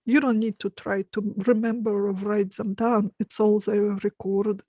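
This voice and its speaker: A woman's voice: mid-range voice, flat delivery, measured pace, warm tone, no room sound. A woman with a Russian accent, a hypnotist talking in a casual panel chat, earnest and friendly with frequent laughs.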